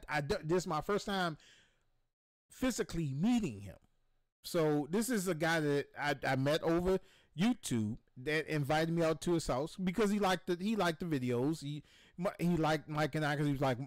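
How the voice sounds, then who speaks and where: A man hosting a gaming stream who tells a rambling, profane story with excitement and acts out the voices in it. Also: a little high, no room sound. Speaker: show host.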